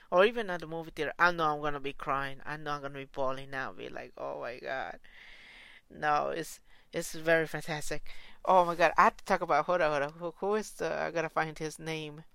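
Casual vlogger woman, low-ish smooth voice, excitable and gushing, dry close sound. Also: no room sound. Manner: gushing, excitable, lots of restarts and exclamations; slangy, informal. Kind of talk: casual reaction vlog.

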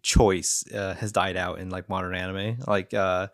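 A man's voice: low-pitched, little pitch movement, measured pace, a crowd in the background. A man co-hosting a podcast, easygoing in casual chat and laughing often. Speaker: podcast co-host.

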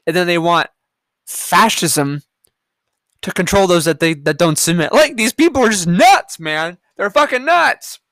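A man hosting a solo podcast, reading headlines aloud and ranting about them in a profane, combative way, swinging between loud outbursts and low muttering. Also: lively intonation, unhurried, no echo, clean studio sound. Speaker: podcast host.

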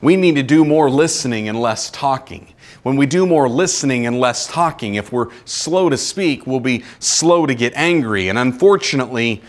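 A man preaching a sermon as pastor, animated, with acted-out quotes and sudden drops to a quiet tone. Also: medium pitch, normal speed.

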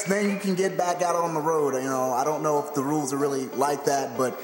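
A man's voice: a little high, steady tone, brisk. A man who hosts story time, signing on and off in a loose, joking way with plenty of fillers. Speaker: storyteller host. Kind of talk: casual comedy intro and sign-off. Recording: echoey hall with loud crowd and music.

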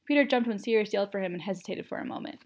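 A woman narrating a story in the first person, with an expressive, even reading. Her voice sits at an ordinary middle pitch. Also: rapid-fire.

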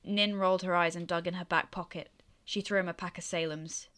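Low-pitched bright woman reading a story. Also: steady tone, fairly quick. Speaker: author and reader.

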